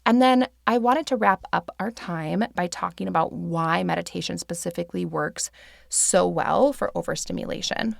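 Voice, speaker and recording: A woman's voice: lowish voice, moderate pace, gravelly, no echo, clean studio sound. A woman in her thirties hosting a podcast, talking casually with many fillers and light laughs. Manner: chatty, filler-heavy, laughs easily. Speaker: podcast host and meditation teacher. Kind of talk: casual solo podcast talk.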